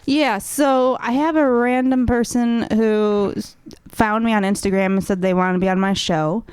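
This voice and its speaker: A woman radio host answering questions in casual chat, animated and rambling with ums. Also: fairly high pitch, normal speed, smooth, dry recording.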